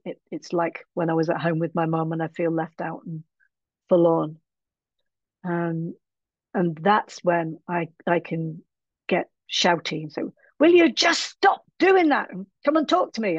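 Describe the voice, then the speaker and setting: A woman's voice: fairly low pitch, no echo. Frank woman on a dull, dry line. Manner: frank, thinking aloud, gentle fillers. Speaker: interview guest. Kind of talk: casual conversational interview. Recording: dry, slightly dull lo-fi sound.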